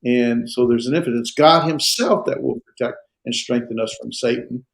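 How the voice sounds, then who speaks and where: In a roomy, poor-quality recording, a Greek instructor teaches a grammar class in a mid-range voice with vocal fry at a normal speed. His classroom lecture, which includes questions, is hesitant and full of fillers and restarts.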